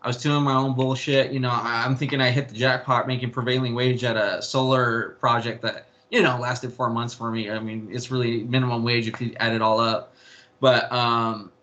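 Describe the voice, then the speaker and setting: Here the young guest talks openly about family in a rambling interview, restarting sentences and dropping the odd swear word. His medium-pitched voice sounds bright and forceful, barely moving in pitch, at a normal speed.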